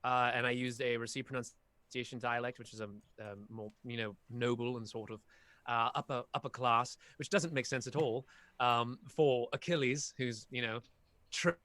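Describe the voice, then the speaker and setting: A man of half Filipino heritage, a voice actor appearing as a guest at an online workshop, talks casually and animatedly while telling long stories from his work. His voice sits at medium pitch, his speed is normal, and the recording is dry.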